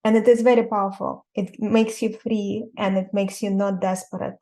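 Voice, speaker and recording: Mellow woman with a Russian accent. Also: medium pitch, flat delivery, moderate pace. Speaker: interview host and coach. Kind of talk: interview conversation.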